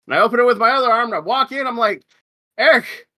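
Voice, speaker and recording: A man in his thirties, a podcast co-host telling a story in casual chat, swearing and acting out quotes in a high voice. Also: quick pace, pushed and bright.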